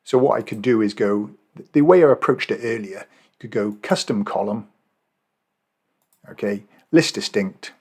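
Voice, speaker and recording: A man's voice: fairly low pitch, animated, normal speed, a little mellow, slightly rough. An Australian man walking viewers through a spreadsheet task in a casual screen-recorded tutorial, thinking aloud with fillers and self-corrections. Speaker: Excel and Power BI trainer.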